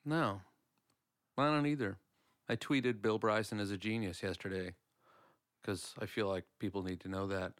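A man's voice: lowish voice, fairly even intonation, normal speed, pauses often, dry recording, studio quality. A man co-hosting a podcast in casual chat, joking around and blurting out goofy non sequiturs. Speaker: podcast co-host.

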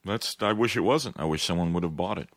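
Deep-voiced American man, wry and joking. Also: fast talker, no echo. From United States. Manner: wry, joking, swears freely. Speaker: podcast co-host. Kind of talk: casual chat.

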